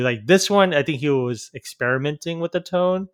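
A man's voice: fairly high pitch, normal speed, a bit bright, no room sound, clean studio sound. A man co-hosting a podcast, chatting loosely with lots of "like" fillers and laughing now and then. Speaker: podcast co-host. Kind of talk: casual chat.

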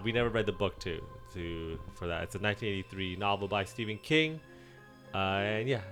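Jokey man with a low voice, music behind. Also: a bit bright. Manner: rambling, jokey, breaks into laughs and silly noises. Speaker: podcast co-host. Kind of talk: casual chat about a film. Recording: faint film soundtrack playing behind.

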